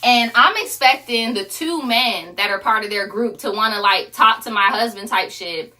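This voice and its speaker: A woman's voice: a little high, moderate pace, pushed and bright. A young woman, telling a casual story full of profane slang. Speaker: streamer.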